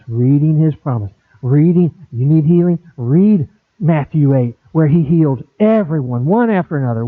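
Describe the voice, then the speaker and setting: Animated preaching man, tinny thin sound. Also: fairly high pitch, no echo. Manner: animated preaching with acted-out quotes. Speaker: pastor. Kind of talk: sermon. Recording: dry, tinny phone-like sound.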